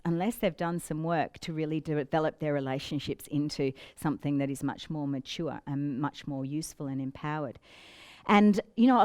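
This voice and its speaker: A woman's voice: medium pitch, no room sound, studio quality. A middle-aged woman coach explaining relationship patterns in a teaching monologue, often slipping into quoted voices. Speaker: business coach.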